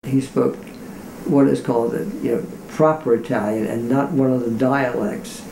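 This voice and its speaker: A man recounting parish history in an interview, measured and admiring, recorded in an echoey room. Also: medium pitch, steady tone, creaky, music in the background.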